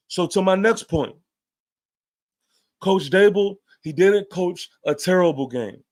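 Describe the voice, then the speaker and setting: A man's voice: sits high, lively intonation, slow pace, long pauses, a little mellow. A man hosting a fan show, giving a heated, emphatic post-game rant with casual swearing and repeated points.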